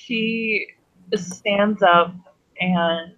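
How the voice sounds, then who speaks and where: High-voiced man narrating a role-play. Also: fairly even intonation, a bit bright, low-quality recording. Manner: halting, with many fillers. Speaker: player. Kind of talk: narrating own character in a tabletop role-play.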